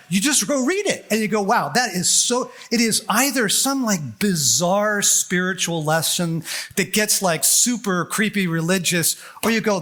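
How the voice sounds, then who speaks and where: A man delivering a storytelling sermon to a conference crowd. His voice sits high and sounds bright. He jokes constantly and slips into acted-out quotes as he goes. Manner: animated and joking, acting out quotes. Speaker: conference speaker.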